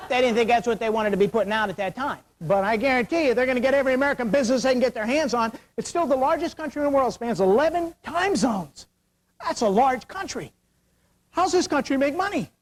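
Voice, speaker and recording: Fast-talking man lecturing an auditorium. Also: very high voice, low-quality recording. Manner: joking, conversational, rhetorical questions. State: losing his voice. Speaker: security awareness speaker.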